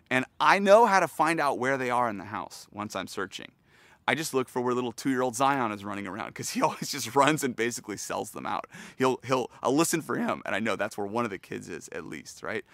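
A man in his thirties preaching a sermon as a pastor, earnest and conversational, with pauses and restarts. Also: medium pitch, vocal fry, fairly bright tone, dry recording. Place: outdoors.

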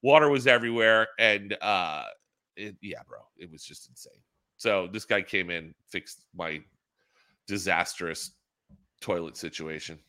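His voice is low and a little slow. A middle-aged co-host on a casual racing talk show, he chats over a video call through a laptop's built-in camera mic, spinning rambling, animated stories that keep restarting.

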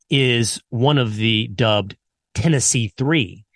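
A male podcast host reads his commentary with mocking, sarcastic punches. His pitch swoops widely from phrase to phrase. The sound is dry and close. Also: big pitch swings, measured pace, no room sound. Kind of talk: scripted commentary segment.

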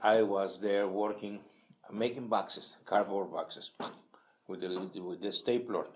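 An older man from Peru, a native Spanish speaker with a Peruvian Spanish accent, telling his life story in halting English with many restarts at a kitchen table. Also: low-pitched, steady tone. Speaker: interviewee. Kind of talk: casual storytelling.

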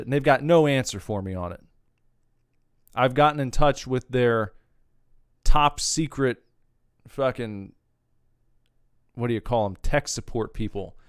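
A man's voice: medium pitch, no echo, studio quality. A man hosting his own podcast, talking casually in a rambling, profane rant that wanders off on tangents. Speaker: podcast host.

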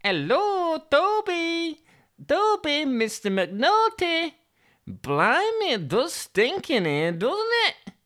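A man voicing a prying female neighbour in a high, drawn-out falsetto. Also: wildly swooping pitch, fairly bright tone, heavily acted. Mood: nosy. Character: nosy older woman neighbour, prying.

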